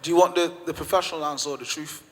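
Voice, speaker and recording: A man, a gym owner, speaking to a live audience with animated, emotional storytelling and casual slang. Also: on the high side, racing. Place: event room with an audience. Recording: reverberant hall.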